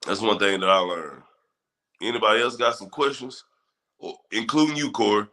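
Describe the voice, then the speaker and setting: Male livestream host, lowish bright tone, easygoing talk to chat. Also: normal speed. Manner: laid-back, talks straight to chat viewers.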